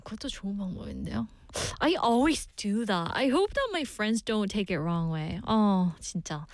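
A woman's voice: mid-range voice, no room sound. A woman hosting a radio show, reading listener messages in a playful, giggly way and switching languages mid-sentence.

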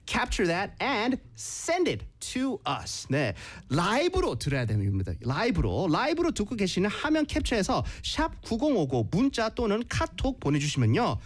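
Brief: quick, animated male radio host, bilingual patter. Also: sits high. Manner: rapid switching between English and Korean, animated.

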